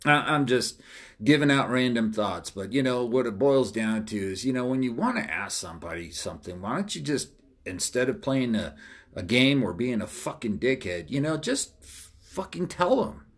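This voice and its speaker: A loud, blunt man rants alone on his podcast and swears at nearly every turn. His pitch swings widely up and down as he acts out both sides of arguments he has had. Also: lively intonation, normal speed. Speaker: podcast host. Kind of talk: profane solo rant.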